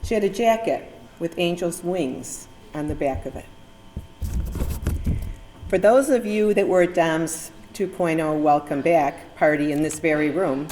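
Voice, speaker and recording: A woman's voice: low-pitched, mellow, rough recording. A woman giving a heartfelt prepared tribute speech at a memorial event.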